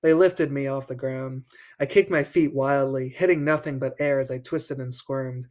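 A man's voice: medium pitch, steady tone, normal speed, a little mellow. A man hosting a podcast, reading a children's horror book aloud and breaking off for joking asides, laughing between passages. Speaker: podcast host.

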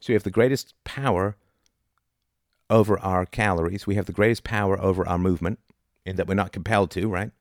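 Deep-voiced man arguing philosophy. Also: fairly even intonation, a little fast, no echo, studio quality. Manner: argumentative, rhetorical, many "right?" asides. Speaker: philosophy lecturer. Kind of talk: informal philosophy talk.

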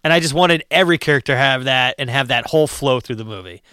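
A man from Massachusetts co-hosting a podcast, chatting casually in quick, animated rants with some swearing. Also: mid-range voice, smooth, no echo, studio quality. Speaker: podcast co-host.

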